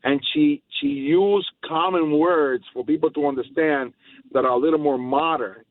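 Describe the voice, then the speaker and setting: A man's voice: a little high, fairly even intonation, normal speed. A man calling in to a talk radio show, making his points in an emphatic, rambling way. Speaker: caller. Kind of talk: casual phone-in chat. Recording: tinny phone line.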